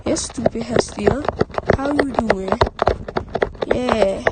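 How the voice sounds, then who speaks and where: A woman voicing a smug, all-powerful male god who talks down to others in a calm, menacing drawl. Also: fairly high pitch, takes it slowly, heavy background noise.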